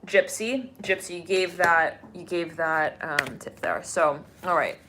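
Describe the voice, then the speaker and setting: A woman giving a live-streamed tarot reading. She talks in a chatty, exclamatory way, laughs often and breaks into sudden excited bursts. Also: lowish voice, unhurried, slight background noise. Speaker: tarot reader.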